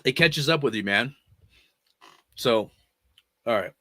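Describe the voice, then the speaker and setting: A man's voice: medium pitch, lively intonation, slow pace, bright, forceful tone, dry recording. A man hosting a fan channel, ranting about football and reading out chat comments in a blunt, cussing, rambling way. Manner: profane, emphatic, rambling.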